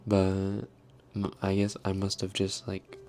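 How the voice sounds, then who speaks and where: A young man hosting an ASMR livestream, reading chat in a soft, often whispered voice and chuckling as he tries out foreign words. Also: low voice, completely flat delivery, measured pace. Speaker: livestream host.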